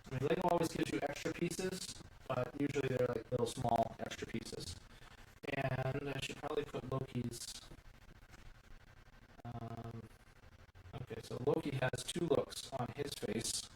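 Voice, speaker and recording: A man's voice: mid-range voice, unhurried, long pauses. A man casually talking through a toy set build, thinking aloud and rambling with lots of fillers and restarts, recorded indoors. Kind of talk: casual live build commentary. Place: indoor room. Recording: echoey room, mic at a distance, faint hum.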